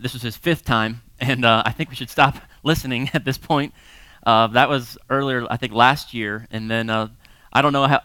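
Here an American pastor in his thirties or forties, teaching a series, delivers a sermon-style talk packed with personal stories. A lively storyteller, he chuckles often and acts out voices in a clean, mid-range voice with no room sound.

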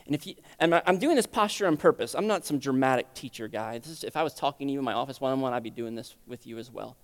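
Brief: male pastor, sermon, conversational and earnest, loud-to-quiet swings, medium pitch, long reverb of a church hall. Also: expressive, fast. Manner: conversational teaching with rhetorical questions; earnest, shifting between loud emphasis and quiet lows. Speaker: preacher.

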